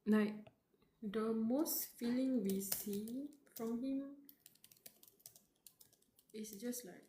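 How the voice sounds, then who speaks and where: A woman's voice: fairly high pitch, drawn-out words, long pauses, mellow. A woman streaming a live novel reading, reacting emotionally in a rambling way with lots of fillers. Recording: roomy with faint background noise.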